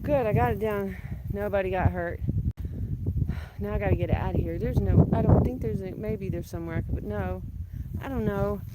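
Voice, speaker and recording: A woman's voice: medium pitch, brisk, heavy background noise. A woman chatting casually to the camera while she works in her outdoor garden. She talks to herself in a joking, exclamatory way. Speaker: gardening vlogger.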